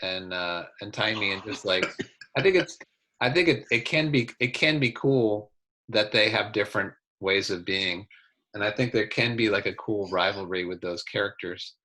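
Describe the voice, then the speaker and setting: Hesitant low-voiced man player. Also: moderate pace, bright, forceful tone. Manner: hesitant, considered. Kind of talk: out-of-game group discussion.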